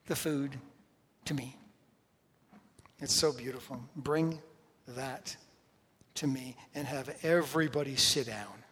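A man's voice: a little high, a bit bright. A man preaching a sermon as a pastor, conversational at first and building to emphatic intensity. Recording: long hall reverb.

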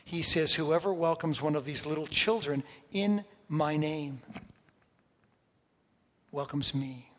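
A man's voice: on the high side, slow pace, pauses often, a bit bright. A man preaching a sermon as a pastor, conversational at first and building to emphatic intensity. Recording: long hall reverb.

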